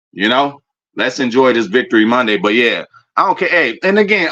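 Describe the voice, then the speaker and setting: Man, bright forceful voice, rambling profane fan rant, muffled lo-fi sound. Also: mid-range voice. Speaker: sports fan commentator.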